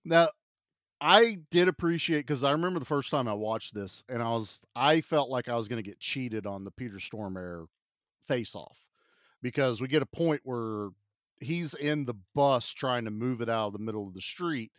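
A man's voice: medium pitch, moderate pace, no echo, clean studio sound. A man co-hosting a casual movie podcast, animatedly retelling scenes and laughing as he goes. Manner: animated, laughing storyteller who quotes scenes. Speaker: podcast co-host.

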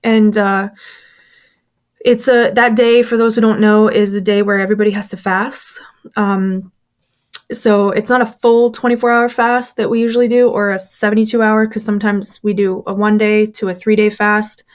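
A woman's voice: mid-range voice, little pitch movement, normal speed. A woman, a former church member, candidly recounting her experiences in a casual interview, with chatty fillers and quoted voices.

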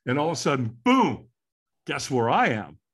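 A man's voice: quick pace, breathy edge. A man in his sixties telling a personal story as a podcast guest, acting out what people said with big swings in his voice. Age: 60s. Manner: animated, acts out quotes with big pitch swings.

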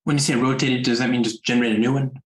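A man's voice: mid-range voice, flat delivery, very fast. Man host in an echoey room. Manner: rambling questions with restarts and "like". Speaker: podcast host. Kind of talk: casual interview chat.

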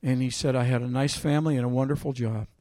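A man preaching a sermon, reading scripture aloud with loud emphasis and telling a personal story in a quieter voice. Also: mid-range voice, fairly even intonation, fast, dry recording, studio quality.

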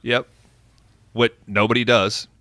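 A man's voice: mid-range voice, level tone, slow pace, bright, forceful tone, no room sound. A man casually recapping a movie plot on a podcast, laid-back and profane, with lots of fillers. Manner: laid-back, swears often, frequent fillers. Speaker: podcast host recapping a film.

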